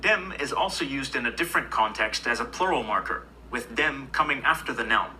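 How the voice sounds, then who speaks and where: Bright-voiced man narrating a language lesson. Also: medium pitch, fairly quick, slight background noise, low-quality recording. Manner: even, explanatory. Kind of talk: scripted educational narration.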